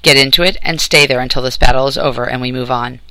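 A man's voice: medium pitch, fairly even intonation, fast talker, sharp tone, smooth, low-quality recording. A man voicing a kindly Confederate officer. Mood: measured. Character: sad-faced balding Confederate officer, kindly former schoolmaster.

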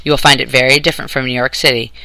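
A man's voice: medium pitch, level tone, rapid-fire, vocal fry, sharp tone, low-quality recording. A man voicing a kindly Confederate officer. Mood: measured. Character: sad-faced balding Confederate officer, kindly former schoolmaster.

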